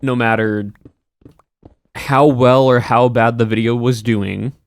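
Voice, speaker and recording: A man's voice: mid-range voice, fairly even intonation, slow, no room sound. A man streaming live, chatting casually and rambling while he answers his chat.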